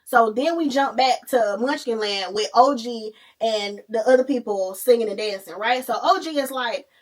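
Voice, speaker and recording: A woman hosting a podcast, retelling a movie in a casual, animated way with playful asides. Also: on the high side, normal speed, distant mic. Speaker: podcast host.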